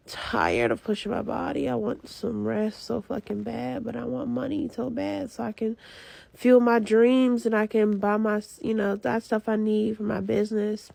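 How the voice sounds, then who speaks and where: A worn-out young woman vents from her bed, her voice gravelly and rough at the edges. She swears freely as she pours out how drained she is, close to a phone mic in a dry room with no echo. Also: medium pitch, a little mellow. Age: young adult. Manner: exhausted, venting, swearing often. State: very tired. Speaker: student with a retail job. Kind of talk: casual vlog confession. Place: lying in bed.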